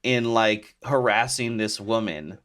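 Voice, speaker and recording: A man's voice: fairly low pitch, slow, a bit bright. A man co-hosting a film podcast, chatting casually and mimicking characters in mocking voices. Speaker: podcast co-host.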